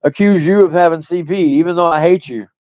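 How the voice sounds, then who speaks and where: A man's voice: on the high side, fast, darkish tone, no room sound, muffled recording. A man hosting a stream, delivering a profane, mocking and combative ranting monologue. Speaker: stream host.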